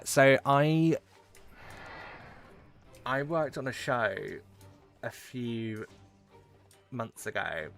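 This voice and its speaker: A man's voice: fairly low pitch, fairly bright tone. Chatty man streaming a game. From England, near London. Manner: chatty, rambling, swears casually. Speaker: live-streamer. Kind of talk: casual gaming live stream chat.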